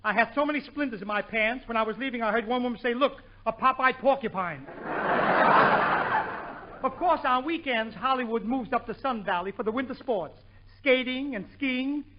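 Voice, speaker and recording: High-voiced wisecracking radio comic. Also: male voice, brisk, hardly any pauses. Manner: wisecracking, punchy delivery. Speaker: comedian host. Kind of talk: 1940s radio comedy. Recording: muffled old radio with studio audience and hiss.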